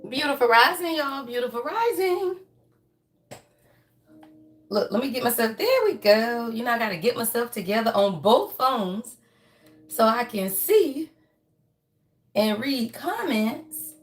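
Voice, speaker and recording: A woman with a somewhat high voice hosts a relaxed astrology livestream. She talks in a chatty, folksy way and keeps turning to her viewers with y'all. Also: a little slow, pauses often, faint music behind. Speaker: astrology and tarot reading host. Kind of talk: casual livestream reading.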